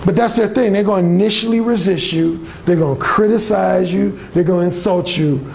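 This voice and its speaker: High gravelly man telling blunt stories. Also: fairly quick, a little mellow, slight background noise. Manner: bold, blunt, swaggering, lots of cursing. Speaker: dating coach speaking to a class. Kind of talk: profane storytelling lecture.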